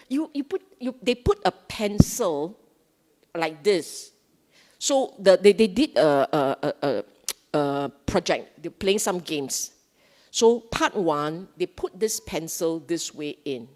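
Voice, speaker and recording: Middle-aged Singaporean woman, animated and playful Buddhist speaker with a very lively pitch, heard in a reverberant hall. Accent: Singaporean English. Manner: animated, joking, colloquial, repeats phrases for emphasis. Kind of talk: casual Dhamma talk.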